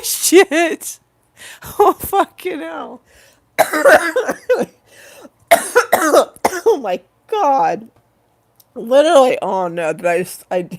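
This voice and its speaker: A woman chatting on an impromptu live stream, swearing freely and breaking into giggles. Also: mid-range voice. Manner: profane, giggly and silly; breaks into laughing fits.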